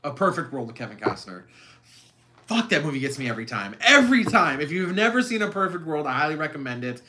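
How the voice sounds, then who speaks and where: A man co-hosting a podcast, chatting casually about movies, animated and quick to laugh, with some swearing. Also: on the high side, a little hiss or hum. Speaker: podcast co-host. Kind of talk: casual chat.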